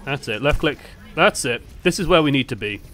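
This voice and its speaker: Young man, casual esports analyst, bright voice, swears freely. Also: medium pitch, a little fast, soft background music. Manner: chatty, swears freely, animated asides. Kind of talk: casual match breakdown commentary.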